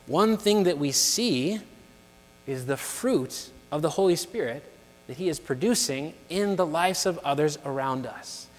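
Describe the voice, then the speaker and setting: A man preaching a sermon in an earnest, measured way, building his points through repeated phrases. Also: fairly high pitch. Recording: long reverb of a large hall.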